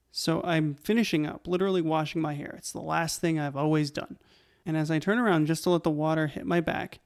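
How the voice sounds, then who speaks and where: Man with a gravelly, clear voice telling stories. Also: on the high side. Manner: animated, conversational, laughs between lines. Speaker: YouTube host. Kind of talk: casual storytelling to camera.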